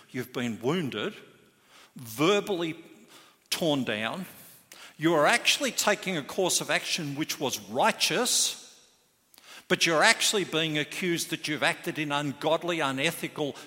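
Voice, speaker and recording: A man's voice: fairly high pitch, pushed and bright. A man preaching a sermon as pastor, earnest and emphatic, stressing key words. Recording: hall reverb.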